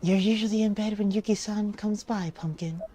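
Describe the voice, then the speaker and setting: A woman voicing a gentle father in a game, with a lowered, soothing voice. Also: steady tone, moderate pace, lightly acted. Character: gentle father of a young girl.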